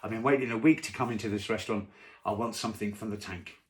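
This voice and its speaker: A man's voice: fairly low pitch, fairly even intonation, fast, lightly acted. A man doing a pushy hungry diner. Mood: insistent. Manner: insistent, impatient. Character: demanding hungry male restaurant customer.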